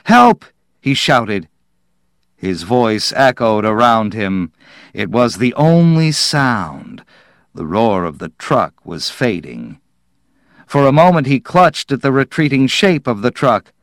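Slow, measured male storyteller. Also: medium pitch, very animated, no room sound, clean studio sound. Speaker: narrator. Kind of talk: audiobook narration.

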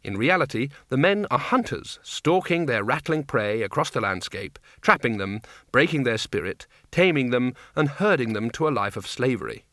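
A man reading a comic fantasy novel aloud in a wry, expressive narration. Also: mid-range voice, normal speed, hardly any pauses, no echo, clean studio sound. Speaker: audiobook narrator. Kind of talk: scripted storybook narration.

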